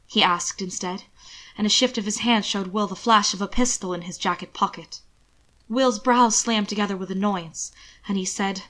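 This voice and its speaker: A woman narrating fan fiction in a measured, expressive storytelling voice. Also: mid-range voice. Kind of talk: reading fan fiction aloud.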